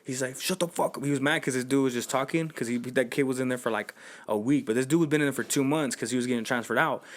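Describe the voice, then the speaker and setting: A man's voice: medium pitch, steady tone, fast. A young man hosting a podcast, telling loose slangy stories in casual chat. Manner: loose slangy storytelling, acts out quotes. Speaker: podcast host.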